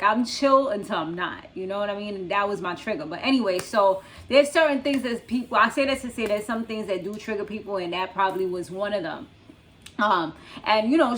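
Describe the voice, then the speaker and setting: A woman's voice: mid-range voice, a bit bright, a little hiss or hum. A young woman hosting her own channel, recapping a reality show in a chatty, loose way, full of fillers and frequent laughs. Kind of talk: casual recap commentary.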